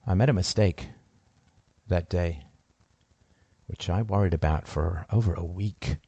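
A man narrating a first-person story in a cold, deliberate, sardonic manner. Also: sits low, creaky, dark tone, slightly rough, no echo, dull audio.

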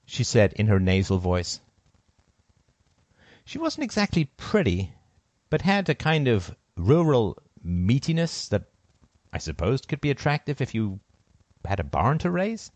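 A man telling a first-person story in a cold, deliberate, sardonic way. His pitch swings widely as he moves through the lines, and the sound is dry and close. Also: sing-song, a little mellow, no echo.

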